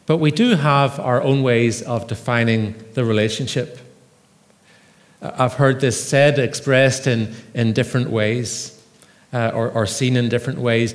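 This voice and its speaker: A man preaching a sermon in an earnest, measured way, with emphatic readings from Scripture. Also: medium pitch, steady tone. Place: church. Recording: long reverb of a church hall.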